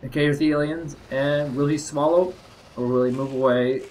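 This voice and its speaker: A man's voice: on the high side, steady tone, normal speed, darkish tone, slight background noise. Rambling young man narrating gameplay. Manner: rambling, hesitant with many fillers. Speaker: gameplay commentator. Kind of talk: casual let's-play commentary.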